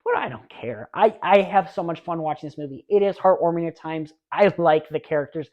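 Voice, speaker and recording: A man's voice: a little high, lively intonation, fairly quick, lo-fi sound. Rambling, upbeat young man reviewing movies. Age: late 20s. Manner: enthusiastic, rambling with restarts and asides. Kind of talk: casual movie review vlog.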